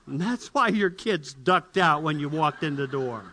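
Bright-voiced man telling a story, acts out the characters, high voice. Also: lively intonation, a little slow, few pauses. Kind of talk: storytelling illustration.

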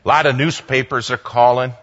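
A man voicing an older male pastor who is confident, excitable and full of faith, using a folksy way of talking. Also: medium pitch, a little fast, voice pushed down, lightly acted. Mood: excited. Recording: dull sound, long hall reverb.

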